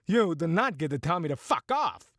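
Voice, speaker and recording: A man putting on a cocky, eccentric American screen legend who brags in strange halting bursts. His pitch leaps all over the place, and the recording is close and dry. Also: sing-song, a bit bright, no echo. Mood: boastful. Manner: boastful, swaggering, odd halting phrasing. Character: cocky eccentric male American film star.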